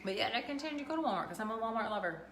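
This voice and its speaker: A woman's voice: a little high, expressive, very fast. Rambling chatty woman, echoey room. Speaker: vlogger. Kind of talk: casual chat to camera. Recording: echoey room with music playing.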